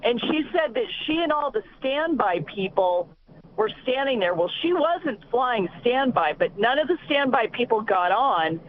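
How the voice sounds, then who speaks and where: A woman's voice: a little high, sing-song, moderate pace. A woman calling in to a talk show, indignantly retelling a complaint in a rush. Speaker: caller. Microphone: phone. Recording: tinny phone line with faint hiss.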